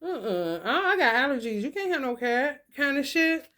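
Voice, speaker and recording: A woman's voice: high-pitched, very animated, moderate pace, bright, forceful tone. A woman hosting a casual livestream and reading oracle cards. She swears freely, laughs often and talks straight to her viewers.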